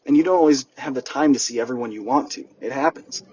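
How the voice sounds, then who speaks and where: A young man hosting a podcast and giving a lively motivational monologue, speaking straight to his listeners. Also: medium pitch, quick pace, breathy edge, dry recording. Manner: energetic, addresses listeners directly. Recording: distant mic with background noise, poor audio.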